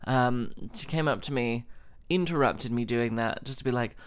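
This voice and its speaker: A man's voice: mid-range voice, normal speed, clean tone. Rambling, sweary young man podcasting. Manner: rambling, sweary, filler-heavy. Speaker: podcast host and musician. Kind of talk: casual solo podcast monologue.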